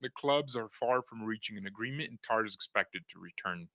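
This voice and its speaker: A man's voice: fairly low pitch, fairly quick, bright, forceful tone, no echo. A young man hosting a fan live stream, joking in slang, talking to his chat and reading news aloud. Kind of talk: casual live-stream commentary.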